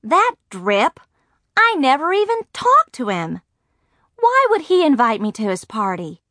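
Woman reading as an eager, excitable young girl. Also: on the high side, normal speed, no echo, studio quality. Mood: surprised. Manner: eager, breathless questions and exclamations. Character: excitable girl of about twelve, eager and curious.

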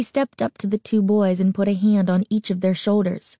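A woman narrating a spooky story as an audiobook, expressive and suspenseful. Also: medium pitch, moderate pace, no room sound, studio quality.

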